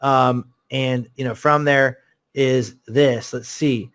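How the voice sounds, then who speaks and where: A man hosting a live sales webinar, telling a story in an excitable, rambling way full of fillers. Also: mid-range voice, takes it slowly. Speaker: webinar host selling a course.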